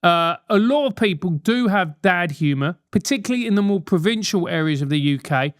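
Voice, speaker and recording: A man's voice: high-pitched, expressive, a little fast, clear, resonant tone, dry recording, clean studio sound. A man in his thirties with a London accent, hosting a podcast and answering listener letters with blunt, sweary, mock-outraged banter. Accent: London English. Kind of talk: comedic advice monologue.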